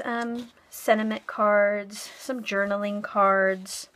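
With slight background noise, a woman likely in middle age narrates a casual craft haul and flip-through, chatting to viewers about her purchases. Her medium-pitched voice is a little slow and a bit bright.

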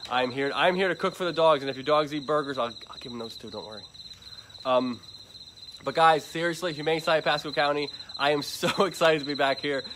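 A man's voice: fairly high pitch, a little fast, background noise. A man from Florida chatting on a live stream outdoors at an animal shelter at night, upbeat and repeating himself, with crickets and barking dogs behind. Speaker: livestreaming animal shelter advocate. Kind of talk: casual live-stream chat.

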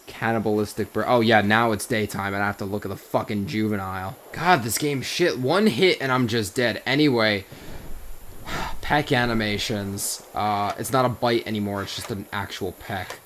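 A man's voice: fairly low pitch, lively intonation, moderate pace, a bit bright, a little hiss or hum. A man from South Jersey giving casual, rambling gameplay commentary as a YouTuber, swearing often and saying "you know" constantly. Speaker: gaming YouTuber.

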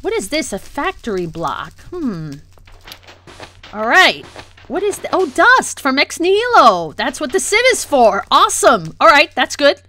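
A young adult woman narrates her own gameplay in a flustered, excitable way, often breaking into laughter. Her voice sits a little high, swings widely in pitch and has a bright, forceful edge. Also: a little slow. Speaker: gaming channel host. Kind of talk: let's play commentary.

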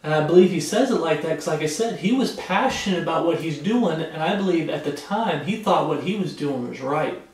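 A man leads a Bible study sermon, reading scripture aloud and then explaining it in everyday words. His voice sits a bit high for a man. He is recorded from a distance in a very echoey room. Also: lively intonation, fairly quick, few pauses. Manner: reads scripture aloud and explains it in plain casual talk. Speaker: preacher. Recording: echoey room, mic far off.

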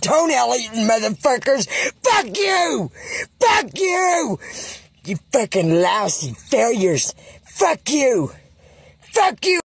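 A woman yelling furious curses in a raspy, gravelly voice. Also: on the high side, big pitch swings, slow, no room sound. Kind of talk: shouted curses.

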